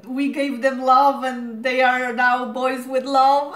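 A woman hosting a reaction video, gushing as an excited fan with a hoarse voice worn out from screaming. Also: high voice, slow pace, slight background noise. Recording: echoey room.

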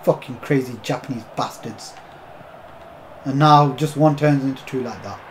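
A young man commentating his own football video game match, swearing often and bursting into shouts at the game. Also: a little high, sing-song, moderate pace, a little hiss or hum. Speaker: gaming YouTuber. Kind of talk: live gameplay commentary.

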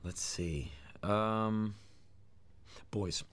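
A man in his thirties from the United States, telling blunt, animated stories about his childhood in an interview. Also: on the low side, very slow. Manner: blunt, animated anecdotes, acts out quoted voices. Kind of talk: candid storytelling interview.

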